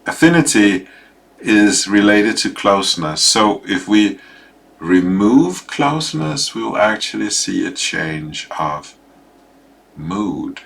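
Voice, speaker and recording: A man teaching a lecture, hesitant, with many fillers and restarts, who acts out examples in an animated way. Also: low voice, creaky.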